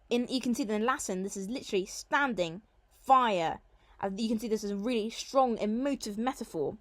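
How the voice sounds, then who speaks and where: A woman teacher working through a Latin poem line by line, explaining the devices and slowing down to read the translated lines with emphasis. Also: fairly high pitch, no room sound. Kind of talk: Latin poetry lesson, line-by-line analysis.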